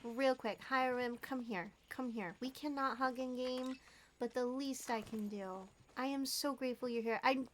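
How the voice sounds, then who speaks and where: Gushing high-voiced woman streamer. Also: normal speed. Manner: gushing, sweet, frequent soft laughs and throat clearing. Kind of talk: casual gameplay livestream chat. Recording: faint background noise.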